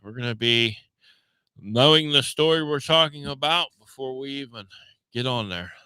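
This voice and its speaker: A man's voice: mid-range voice, animated, moderate pace, sharp tone, clear, resonant tone, dry recording. A man co-hosting a casual talk show, mostly agreeing with short replies. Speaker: podcast co-host. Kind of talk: casual chat.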